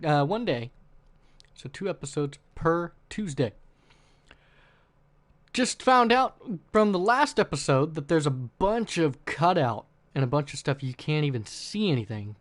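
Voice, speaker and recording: A man with a slightly high voice hosts a gaming stream, chatting loosely about his basketball franchise. He rambles with fillers and restarts as he plays at home. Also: very animated, normal speed. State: hiccuping. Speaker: gaming channel host. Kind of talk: casual gameplay commentary.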